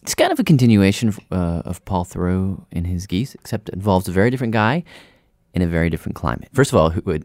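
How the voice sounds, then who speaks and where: Deep, lively male radio host. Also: quick pace, dry recording, clean studio sound. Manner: curious, animated interjections. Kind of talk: conversational radio storytelling.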